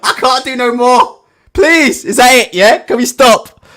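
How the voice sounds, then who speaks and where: Reaction host, very high pitch for a man, bouncy lively delivery, mock-dramatic. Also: a little slow, heavy background noise. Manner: animated, mock-emotional, laughs a lot. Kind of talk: laughing reaction commentary.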